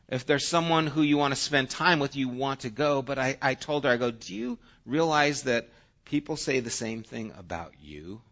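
Bright-voiced male pastor preaching conversationally. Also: mid-range voice, muffled recording. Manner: conversational preaching, shifting from loud to hushed. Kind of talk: sermon.

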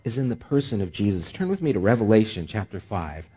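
Man preaching with hushed-to-emphatic swings. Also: on the low side, sing-song, quick pace, slightly rough. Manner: storytelling asides with casual fillers. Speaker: pastor. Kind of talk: sermon. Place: church sanctuary.

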